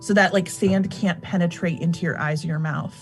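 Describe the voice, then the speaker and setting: A woman playing a tabletop game, brisk and a little bossy. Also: fairly low pitch, fairly even intonation, faint music behind. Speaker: player.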